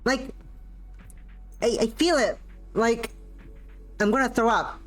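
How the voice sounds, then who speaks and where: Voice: mid-range voice, slow, fairly bright tone, faint music behind, pitched above the performer's own voice. A streamer voicing a brash, teasing young woman pilot in a visual novel, with a blunt, taunting manner. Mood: queasy, snappish. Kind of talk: visual novel dialogue read aloud.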